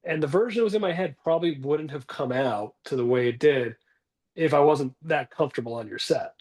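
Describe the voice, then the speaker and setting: A man in his forties, an actor guest, talks fairly quickly in a high-leaning voice with a darkish tone. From his bathroom at home, he tells rambling, self-deprecating stories about his career in casual interview talk.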